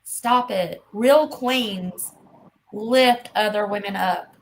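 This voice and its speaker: A woman's voice: mid-range voice, slow, a little hiss or hum, poor audio. A woman in her fifties hosting a casual livestream chat, talking bluntly and scolding emphatically. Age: 50s. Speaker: livestream host.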